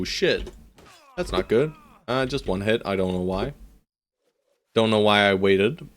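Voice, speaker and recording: Man, low voice, slow delivery, live game commentary, playful, talks to his units. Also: lively intonation. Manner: loud pitch jumps on exclamations. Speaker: streamer.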